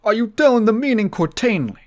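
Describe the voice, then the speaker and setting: A man doing a high, drawn-out game-show host impression. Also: sing-song, a little mellow. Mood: mock-earnest. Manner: exaggerated, high and drawn-out delivery. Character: impression of a famous male game-show host reading odd translated text.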